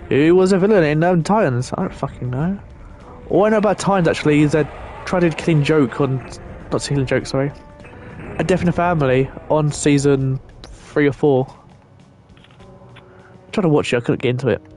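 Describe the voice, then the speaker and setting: With faint music underneath, a young gaming channel host chats casually with viewers during play, rambling and swearing now and again. His voice leans high and darkish, at a moderate pace.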